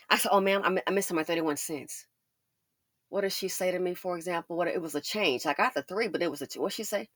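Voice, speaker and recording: A woman talks straight to her viewers in a casual commentary, recounting her own experiences at length. She swings her pitch up sharply whenever she imitates the people she quotes. The recording is dry and close, with no room sound. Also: no room sound. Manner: animated storytelling, acts out quoted voices with big pitch jumps. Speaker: commentary channel host.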